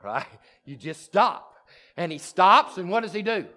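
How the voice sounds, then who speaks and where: A man preaching with a high, bright voice, stretching out his words slowly. He drives his points home by repeating them and shifts between booming declarations and quiet, intimate asides. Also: animated. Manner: impassioned and emphatic, repeating key phrases; swings from loud declarations to hushed asides. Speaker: pastor. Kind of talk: sermon.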